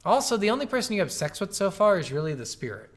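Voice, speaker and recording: Chatty man, a bit higher voice. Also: big pitch swings, fast. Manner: laughs often, acts out game characters' lines. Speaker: podcast co-host. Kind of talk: casual chat.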